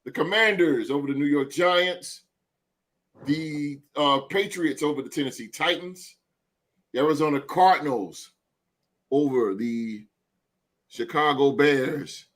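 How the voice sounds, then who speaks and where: Hosting a casual sports podcast, a man with a fairly high pitch and fairly bright tone talks in a loose, hyped style, tagging lines with "man" and "son."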